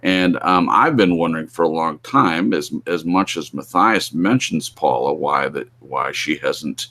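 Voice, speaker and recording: Low-voiced man hosting a live stream. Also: lively intonation, a little slow, sharp tone. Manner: rambling, many fillers and restarts. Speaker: host. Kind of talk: casual live-stream talk.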